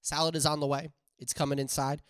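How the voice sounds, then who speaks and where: Young man, podcast host, rambling jokey monologue, a bit high-pitched, dry close sound. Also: flat delivery, fast talker, clear, resonant tone, no room sound. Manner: rambling, jokey, with sudden loud outbursts. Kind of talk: casual solo podcast rambling.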